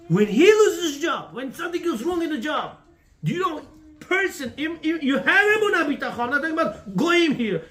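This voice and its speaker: High lively guy giving a torah class on marriage, repeats stuff for emphasis, broken english. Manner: animated, preachy, broken English with emphatic repetition. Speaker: religious teacher.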